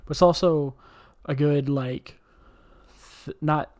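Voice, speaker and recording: A man's voice: fairly high pitch, fairly even intonation, slow, a little mellow. A man hosting a casual podcast chat, rambling with lots of fillers and swearing. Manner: rambling, heavy on fillers and profanity. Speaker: podcast host.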